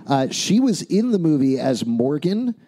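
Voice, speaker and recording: A man with a mellow, slightly raised voice talking in a measured, informative way. He fills in background details during a casual movie chat. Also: a little high, sing-song.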